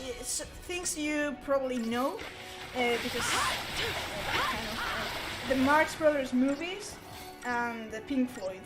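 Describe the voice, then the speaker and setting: A woman's voice: high-pitched, lively intonation, slow, loud music behind the voice, rough recording. A woman from Spain with a Spanish accent, chatting casually on a game stream and hunting for words with many fillers and restarts. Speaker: stream co-host.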